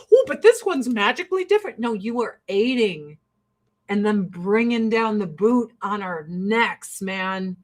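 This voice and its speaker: A woman's voice: fairly high pitch, fairly bright tone. A woman host ranting bluntly and with lots of profanity in a casual, exasperated opinion monologue.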